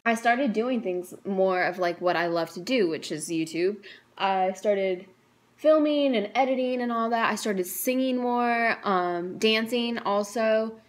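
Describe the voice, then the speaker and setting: A woman's voice: medium pitch, a little slow. Teen girl vlogger, heartfelt and chatty, emotional testimony to camera. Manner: earnest and emotional, chatty with frequent "like". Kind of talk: personal faith testimony to camera.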